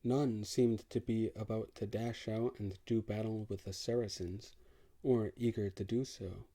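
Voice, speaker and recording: A man narrating an audiobook in the first person, in a measured, wry way. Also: on the low side, fairly even intonation, dark tone.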